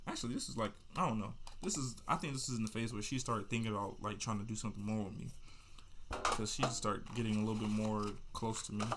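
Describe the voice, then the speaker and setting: A man's voice: fairly low pitch, fast, background noise. Slangy young man rambling through a story. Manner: rambling, slangy, restarts and asides. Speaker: podcast host. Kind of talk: casual storytelling monologue.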